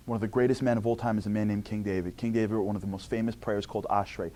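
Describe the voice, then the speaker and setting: Animated New man giving a talk. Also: lowish voice, racing, few pauses, slight background noise. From New York. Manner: animated, swings between loud outbursts and hushed near-whispers. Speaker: motivational speaker. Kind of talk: comic inspirational talk.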